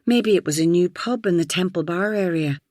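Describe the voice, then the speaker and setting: A woman narrating a first-person audiobook thriller in an even, reflective storytelling manner. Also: lowish voice, fairly quick, no echo, studio quality.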